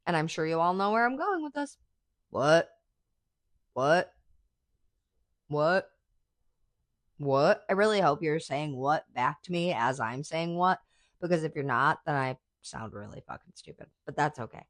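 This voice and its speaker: Host: woman, low voice, dry close sound, swears freely, gushing fan chatter. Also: expressive, a little fast, a bit bright, no echo. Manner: chatty, profane, enthusiastic fan talk with many "like"s. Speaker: podcast host. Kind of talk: casual chat.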